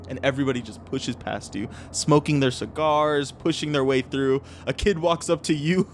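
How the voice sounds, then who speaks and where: A man's voice: medium pitch, fairly even intonation, slight background noise. Playful man running a tabletop game. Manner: playful, laughs often, quick voice switches. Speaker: dungeon master.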